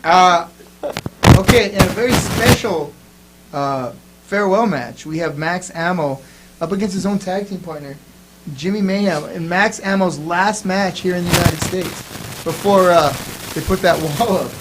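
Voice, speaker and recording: A man hosting a wrestling preview panel, briskly moving the talk along. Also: high-pitched, background noise. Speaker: panel host.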